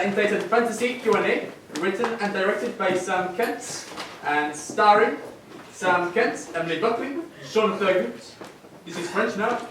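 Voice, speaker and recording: A man's voice: sits high, noisy background. A young man compering a student comedy show on stage, in a jokey, offhand manner. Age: young adult. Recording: echoey hall from far off.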